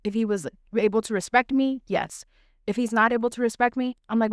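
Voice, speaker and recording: A young woman with a smooth, clear voice talks earnestly and candidly, as in a heartfelt sit-down podcast chat. She runs her thoughts together in long stretches, leaning on "like" and "right?", and the sound is close and dry. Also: on the high side, steady tone, normal speed, dry recording. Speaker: podcast host. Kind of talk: casual heartfelt conversation.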